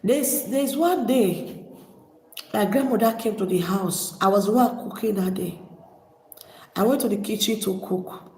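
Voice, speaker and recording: A Nigerian woman vlogger telling her personal story, emotional and halting, holding back tears. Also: medium pitch, warm tone, slight background noise. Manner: emotional, halting, many restarts. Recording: echoey hall with long reverb.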